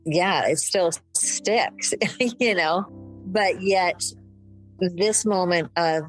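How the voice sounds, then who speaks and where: A woman's voice: on the low side, extremely slow, long pauses, soft background music, poor audio. An older woman, an interview guest, speaking candidly about her late mother, laughing through tears now and then. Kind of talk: emotional conversational interview.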